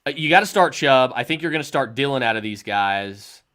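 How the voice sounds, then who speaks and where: A man's voice: mid-range voice, animated, a little fast, pushed and bright. A young man hosting a live fantasy football stream, rambling through start-or-sit picks for viewers and often repeating himself.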